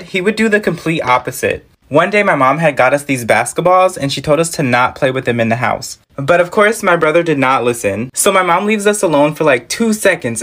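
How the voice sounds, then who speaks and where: A man's voice: fairly high pitch, fairly bright tone. A man telling a funny childhood storytime, laughing as he goes. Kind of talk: storytime monologue.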